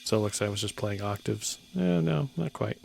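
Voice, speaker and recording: A man explaining his music production in a relaxed, casual way, thinking aloud with fillers and self-corrections. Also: lowish voice, brisk, creaky, a little hiss or hum. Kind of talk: casual screen walkthrough. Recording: music playing underneath.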